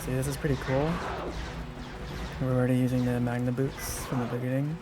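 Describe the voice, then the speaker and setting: A man giving casual let's-play commentary, thinking aloud in a relaxed way with restarts. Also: mid-range voice, brisk. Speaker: gameplay commentator. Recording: game music and sound effects behind.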